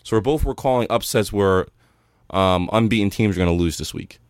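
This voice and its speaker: Deep-voiced man teasing on a sports podcast. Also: fairly quick, clean tone, dry recording. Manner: dry, teasing. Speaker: podcast co-host. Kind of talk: casual sports podcast chat.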